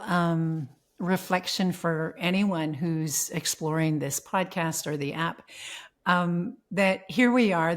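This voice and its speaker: Woman adding to a podcast chat. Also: lowish voice. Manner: warm affirming, frequent "mm-hmm". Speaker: podcast co-host and coach. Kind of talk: casual podcast conversation.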